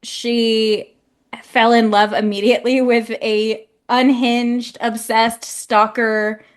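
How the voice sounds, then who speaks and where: A woman's voice: on the high side, level tone, slow pace, clear, resonant tone. A young woman co-hosting a book podcast in casual, laughing chat, with lots of "like". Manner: chatty, laughs often, says like a lot. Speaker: podcast co-host.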